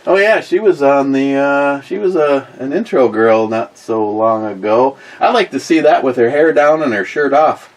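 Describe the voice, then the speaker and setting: A man's voice: mid-range voice, normal speed, few pauses, low-quality recording. A man hosting a casual live stream, reading viewer comments aloud and answering them with crude, rambling jokes and lots of fillers. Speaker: beer review livestream host.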